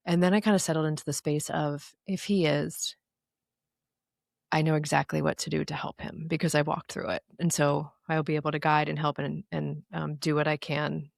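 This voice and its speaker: A woman's voice: low voice, level tone, a little fast, vocal fry, dry recording, studio quality. A woman in her thirties, a guest in an interview, telling personal stories in an earnest, reflective way. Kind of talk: candid interview conversation.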